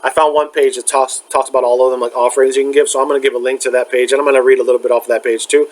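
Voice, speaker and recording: In this casual storytelling clip, a young spiritual vlogger wanders through an account of his dream, stumbling over fillers and starting sentences again. His mid-range voice stays level, captured on a low-quality recording.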